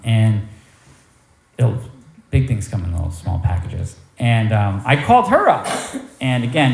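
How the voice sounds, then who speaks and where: A man's voice: on the low side, darkish tone. A man giving a personal recovery testimony at a meeting, telling it candidly with self-deprecating humor. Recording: echoey room.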